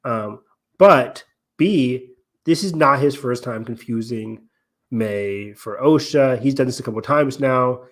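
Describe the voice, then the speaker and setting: A man of ordinary pitch co-hosting a casual podcast. He unpacks story details at length in an analytical, explaining way. His ums and restarts keep it loose and conversational. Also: a little slow. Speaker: podcast co-host.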